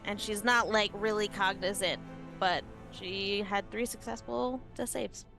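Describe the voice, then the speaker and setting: A woman running a tabletop game as game master, relaxed and hesitant with frequent ums. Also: mid-range voice, a little slow, gravelly, over music. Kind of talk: narrating a tabletop game on a live stream.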